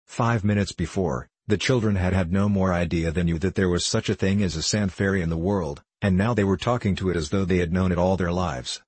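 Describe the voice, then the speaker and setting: A man narrating a children's storybook in a steady, measured way. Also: low voice, slightly rough, no echo. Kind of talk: audiobook narration.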